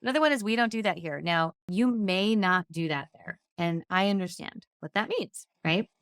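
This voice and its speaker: A woman's voice: medium pitch, moderate pace, a bit bright, smooth, no room sound, clean studio sound. A woman hosting a podcast on customer-service training, talking in an upbeat, chatty way. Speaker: insurance agency trainer and podcast host.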